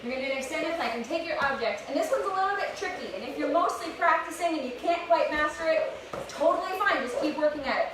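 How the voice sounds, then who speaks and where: Young woman, fitness instructor, upbeat and encouraging, slightly out of breath, high voice, far from mic, echoey. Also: animated, fast. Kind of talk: live kids' workout class. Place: outdoors, open space. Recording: echoey, distant with background noise.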